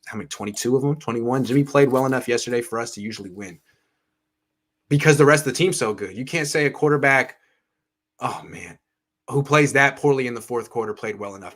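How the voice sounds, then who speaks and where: A man's voice: medium pitch, a bit bright. A man hosting a sports show, chatting casually and reading viewer comments aloud with blunt, sarcastic remarks. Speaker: sports podcast host.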